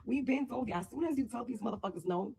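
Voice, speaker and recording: A woman's voice: on the high side, animated, gravelly, darkish tone, slight background noise. A woman from the Dominican Republic ranting in a social media clip, blunt and profane. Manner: blunt, profane, fast-talking.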